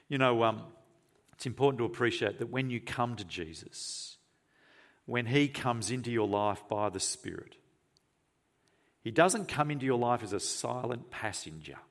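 Earnest male preacher delivering a sermon. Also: medium pitch. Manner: earnest and emphatic, asks rhetorical questions, shifts between forceful and hushed.

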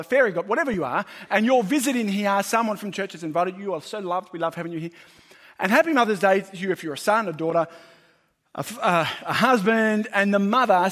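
Chatty pastor, high voice. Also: male voice, a bit bright. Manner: chatty, joking, many fillers. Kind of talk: sermon.

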